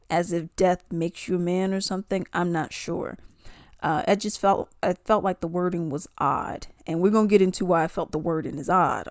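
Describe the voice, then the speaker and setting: A woman's voice: on the low side, a little mellow, no echo, studio quality. A woman giving casual commentary, reading posts aloud and questioning the wording. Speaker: commentary vlogger.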